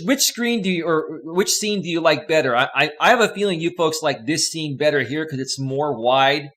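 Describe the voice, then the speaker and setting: A man's voice: on the high side, a bit bright. Chatty man hosting a live stream. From Northern California. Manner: rambling, chatty, reads viewer comments aloud. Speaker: host. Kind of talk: casual live stream chat. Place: home studio with green screen. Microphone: desk microphone.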